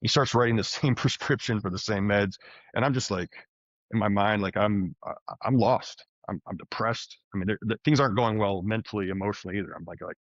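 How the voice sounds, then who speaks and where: Male podcast guest, mid pitch, eager storyteller who keeps restarting sentences, dry close sound, a bit dull. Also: a little fast, dry recording. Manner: animated, frequent restarts and fillers. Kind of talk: conversational storytelling. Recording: dull, slightly muffled podcast audio.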